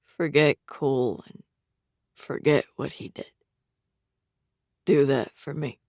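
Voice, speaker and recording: A detached, faintly unhinged young man speaks low and slow, as a woman narrator reads him. His lines come quiet and flat with an eerie calm. An audiobook reading. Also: dry recording, studio quality, heavily acted.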